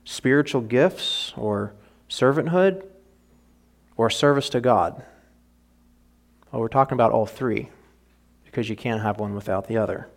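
A man's voice: medium pitch, unhurried, vocal fry, long pauses. Earnest man preaching a sermon. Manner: earnest, rambling, restarts mid-thought. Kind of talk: sermon with a story read aloud.

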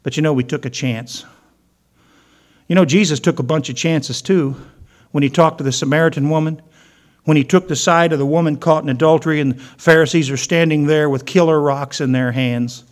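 A male pastor delivers a sermon in a voice pitched a little high. He tells stories and briefly acts out the voices of the people in them. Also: fairly even intonation, a little fast. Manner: storytelling, acting out quoted voices.

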